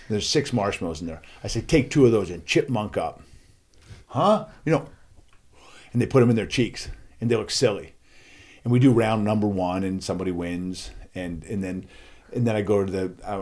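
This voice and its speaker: A man telling a lively story as a guest in a conversation, acting out the voices of the people in it. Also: on the low side. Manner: acts out voices, lively and playful. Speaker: guest, school assembly speaker.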